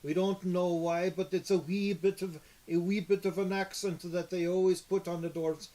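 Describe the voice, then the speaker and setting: A man voicing a jovial male fantasy dwarf in a put-on Scottish accent, hearty and slow. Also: sits high, level tone, mellow, voice pushed up, lightly acted.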